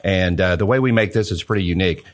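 A man's voice: low-pitched, fast. A man who makes hot sauce, explaining it in easygoing, casual talk as a guest.

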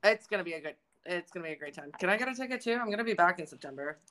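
A woman's voice: on the low side, lively intonation, racing, a bit bright. A young woman co-hosting a podcast in casual chat, bubbly, laughing often and swearing freely. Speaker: podcast co-host.

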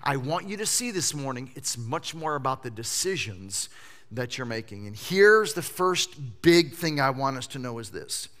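A male pastor preaching a sermon, telling funny stories in an animated way. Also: medium pitch, normal speed. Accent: Southern US. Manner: animated storytelling with jokes.

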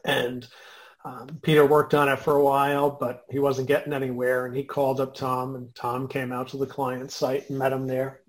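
A man hosting a conversation, telling a workplace story in a lively, conversational way. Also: medium pitch, moderate pace, low-quality recording. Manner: lively storyteller, shifts loudness often. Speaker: podcast host and business consultant.

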